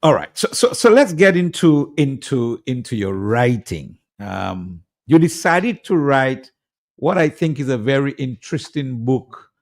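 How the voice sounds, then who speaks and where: A man's voice: mid-range voice, sing-song, unhurried. A man hosting a radio interview, asking questions with many hesitant "um" and "uh" fillers. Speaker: radio show host. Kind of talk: interviewing a guest.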